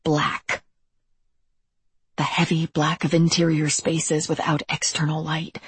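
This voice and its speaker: Slow, breathy audiobook narrator. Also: mid-range voice, no room sound. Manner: measured, even dramatic reading.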